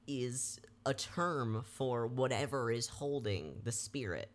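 A man's voice: mid-range voice, animated, slow pace. A man co-hosting a casual podcast chat, joking, laughing often and insisting on getting his point across. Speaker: podcast co-host.

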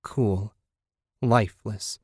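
A man reading a novel aloud as audiobook narrator in a steady, measured way. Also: lowish voice, breathy edge, no room sound. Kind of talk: scripted narration. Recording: dry close studio recording.

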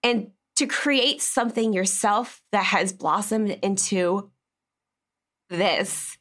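A woman's voice: medium pitch, slow pace, a bit bright. A woman co-hosting a casual chat, effusive and laughing, fighting back tears as she thanks her community. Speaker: community founder and co-host.

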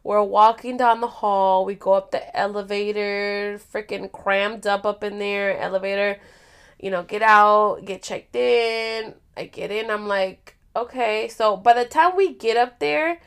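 A woman's voice: medium pitch, vocal fry, smooth. A young woman hosting a podcast, casually telling a story, swearing a lot and acting out what others said. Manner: animated, heavy swearing, acts out quoted dialogue. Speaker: podcast host.

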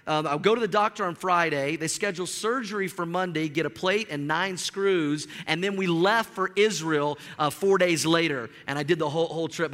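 Animated high-voiced male pastor preaching. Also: big-room sound. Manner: animated storyteller acting out dialogue. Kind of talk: sermon with personal story. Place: church sanctuary.

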